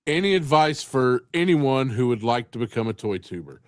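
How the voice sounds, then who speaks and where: A man's voice: medium pitch, sing-song, normal speed, no echo, studio quality. A man hosting a casual live-stream chat, rambling and profane and laughing often. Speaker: host.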